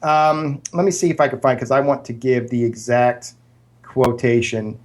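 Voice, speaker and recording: A man's voice: medium pitch, steady tone, normal speed. A man co-hosting a casual podcast, arguing earnestly with stumbling restarts and absurd analogies. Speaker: podcast co-host. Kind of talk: casual argumentative discussion.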